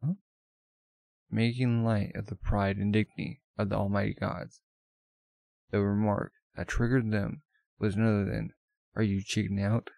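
A man's voice: fairly low pitch, level tone, moderate pace, vocal fry, darkish tone, no echo. A man narrating a manga aloud in a plain, offhand way, with casual asides. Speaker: manga reader.

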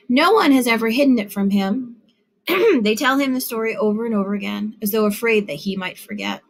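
A woman's voice: on the high side, very animated, a little fast. Woman reading literary fiction aloud. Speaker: narrator.

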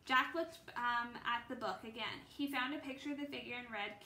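A woman's voice: fairly high pitch, steady tone, a little fast, hardly any pauses, pushed and bright. A woman reading a children's book aloud, unrehearsed, with small stumbles and restarts. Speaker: reader. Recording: echoey room, faint background noise.

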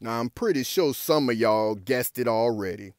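A man's voice: mid-range voice, normal speed, no echo, studio quality. A man ranting through profane news commentary, talking straight to his viewers and punching his points with repeated curses. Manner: profane, confrontational, addresses viewers directly. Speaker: commentary vlogger.

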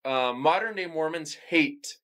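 A man's voice: on the high side, unhurried, a bit bright. A young adult man from California, guest in a casual conversation, talking in a loose chatty way full of fillers. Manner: chatty, lots of "like" and "you know".

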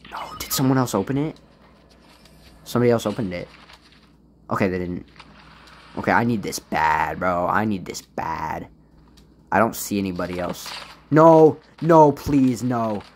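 A man giving casual gameplay commentary as a gaming YouTuber, swinging between low muttering and loud, frustrated outbursts. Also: normal speed, pauses often, slight background noise.

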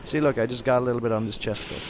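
A young man giving joking let's play commentary, swearing often and bursting into shouts. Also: medium pitch, very fast, a little hiss or hum. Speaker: gamer.

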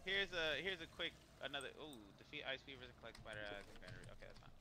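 A man's voice: medium pitch, very animated, rapid-fire, pushed and bright. A young man playing a game with a friend, joking, swearing and laughing a lot. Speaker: co-player. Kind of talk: casual gaming chat.

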